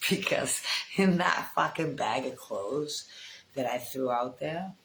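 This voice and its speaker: A middle-aged American woman vlogger chats casually, telling stories in a rambling, profane way and laughing often. Her voice rumbles low, and the rough recording carries slight background noise.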